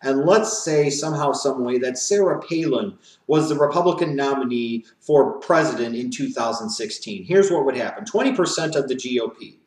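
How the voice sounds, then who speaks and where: A man's voice: mid-range voice, roomy sound, recorded from a distance, poor audio. A man hosting a wrestling opinion show, delivering a profane, emphatic rant. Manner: profane, emphatic, rising to shouts on key points. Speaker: wrestling commentary host.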